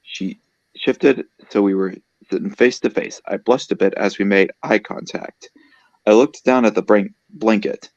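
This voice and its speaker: A man co-hosting an online show, reading fan fiction aloud haltingly, with small slips. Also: fairly low pitch, steady tone, dry recording, dull audio.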